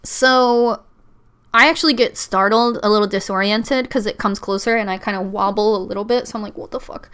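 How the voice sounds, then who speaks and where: Young woman rambling thru a story, smooth clear voice, cussing n doing voices. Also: mid-range voice, fairly even intonation, fairly quick, fairly bright tone. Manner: chatty storyteller, swears, mimics voices. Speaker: podcast host. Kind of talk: casual chat.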